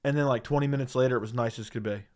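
A man hosting an MMA livestream rants heatedly into a studio dynamic mic, profane and emphatic. His medium-pitched voice stays fairly even in intonation but comes out very fast.

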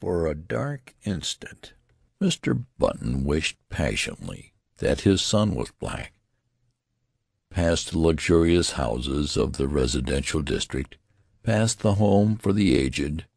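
A man with a very deep, gravelly voice narrates an audiobook slowly and with lively pitch. The recording is close and dry, with no room sound. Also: dry recording. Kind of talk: scripted narration.

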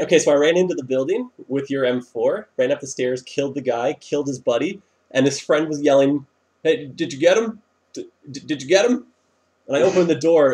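A man playing a shooter game with a friend, talking casually, swearing and excitedly recounting his fights. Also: mid-range voice. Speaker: gamer recording his play. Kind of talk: casual gameplay chat with a friend.

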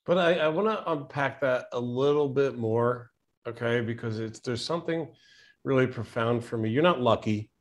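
A man's voice: medium pitch, normal speed. A man hosts a podcast interview and asks his guest reflective, probing questions. His voice sits in a middle register. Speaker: podcast host.

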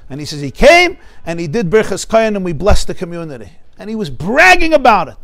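A man teaching a class in a study hall, his voice pitched notably high. He tells stories with lively acted-out dialogue and keeps his listeners engaged through a stream of rhetorical questions. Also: brisk. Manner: animated storytelling, acts out dialogue; explains Hebrew terms with rhetorical questions. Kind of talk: Torah class lecture.

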